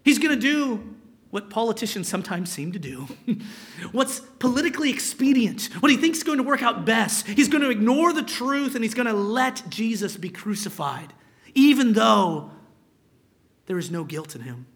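A man's voice: high-pitched, big pitch swings, normal speed, fairly bright tone. A male pastor preaching a sermon, reading scripture aloud and explaining it, sometimes dropping to a whisper for emphasis.

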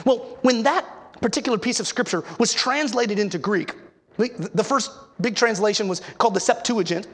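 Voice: mid-range voice, moderate pace. A preacher giving an emphatic sermon, asking the listeners rhetorical questions and sometimes restarting words.

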